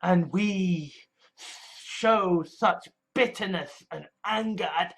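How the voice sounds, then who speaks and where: A man's voice: high-pitched, expressive, takes it slowly, fairly bright tone. A man delivering a ranting commentary monologue, sarcastic and sweary, with many restarts. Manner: sarcastic, mocks others with exaggerated quoted outbursts; swears freely, frequent restarts and fillers. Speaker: online commentator.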